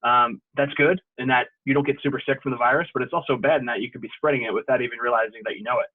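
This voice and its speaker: A man's voice: mid-range voice, rapid-fire. Man on a tinny video call. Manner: relaxed, explanatory, frequent "um" and "uh". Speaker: sports medicine presenter. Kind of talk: virtual safety talk. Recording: tinny phone-like call audio.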